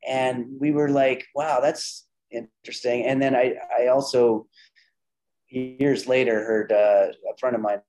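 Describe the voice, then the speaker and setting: A man's voice: medium pitch, a little slow, low-quality recording. A middle-aged man, a comedian and filmmaker, telling stories in a casual interview and acting out the dialogue of the people in them. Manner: animated anecdotes with quoted dialogue and frequent restarts. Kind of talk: casual conversational storytelling.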